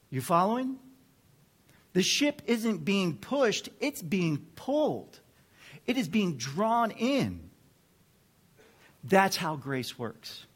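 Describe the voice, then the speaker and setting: A man preaching a sermon to a group of men, earnest and measured, dropping to a hush and then building to fervent emphasis. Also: fairly high pitch. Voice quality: drops to a near whisper at times. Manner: slow, earnest delivery with dramatic swings from hushed to fervent.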